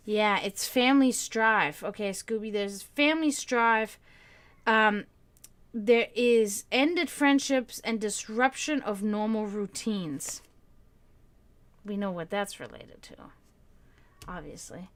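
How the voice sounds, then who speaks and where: A woman doing tarot readings on a casual live stream, who now and then breaks off to softly comfort her cat. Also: mid-range voice, slow. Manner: soothing baby talk to her cat, then plain card reading. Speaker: tarot reader and stream host.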